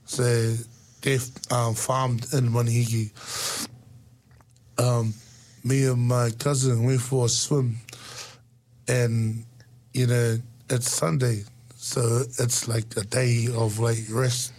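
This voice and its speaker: Lively man. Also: slow pace, pauses often. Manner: lively, laughs often, jumps into high voices for quoted lines. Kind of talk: casual storytelling chat.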